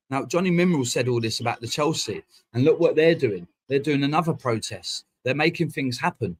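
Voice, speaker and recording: A man, talking straight into a streaming mic. He rants in a heated, sweary, rapid-fire way, piling one point onto the next and swearing freely, at a middling pitch for a man. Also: breathy edge. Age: 40s. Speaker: fan channel host. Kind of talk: casual live-stream rant.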